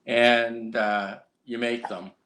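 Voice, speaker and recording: A man's voice: mid-range voice, little pitch movement, slow, a bit bright, a little hiss or hum. A man co-hosting a casual live-stream chat, telling long rambling stories with fillers and restarts. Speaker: co-host.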